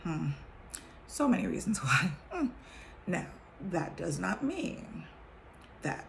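Slow, gravelly woman reading scripture aloud. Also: sits low, wildly swooping pitch, slight background noise, poor audio. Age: 40s. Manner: reads a verse slowly, then comments candidly. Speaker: vlogger sharing testimony. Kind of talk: casual faith talk reading scripture.

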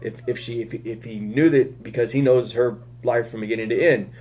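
A man's voice: medium pitch, fairly even intonation, a little fast, a little mellow. A man giving casual Bible teaching, rambling with many restarts and fillers.

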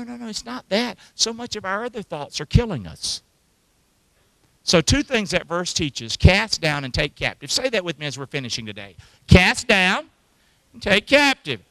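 A male pastor preaching a sermon, calling on the congregation to repeat after him and swinging between loud emphasis and hushed lines. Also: fairly high pitch, dry recording, rough recording. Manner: calls for congregation responses, animated preaching.

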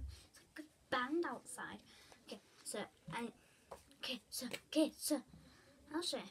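In her chatty craft tutorial vlog, a child vlogger makes school supplies, rambling to viewers, talking to herself, and now and then slipping into a whisper. The voice, a woman's, is high-pitched with lively intonation at a moderate pace. There's a little hiss or hum on the audio.

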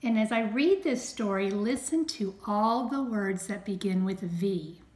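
A woman teacher reading a storybook aloud to young children, stressing sounds slowly and clearly. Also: medium pitch, darkish tone, reverberant, rough recording.

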